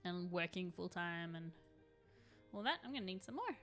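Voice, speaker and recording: A woman talks through a live stream in a bright, clear voice. She rambles in a chatty way and answers her chat while she paints. Faint music plays quietly behind her. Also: fairly low pitch, animated, normal speed.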